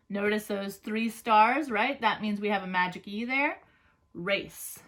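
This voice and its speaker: A woman teacher leads an online phonics and dictation lesson at a notably slow, unhurried pace. Her pitch sits in an ordinary middle range. She stretches out each word and checks in with "right?" and "okay?". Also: a bit bright.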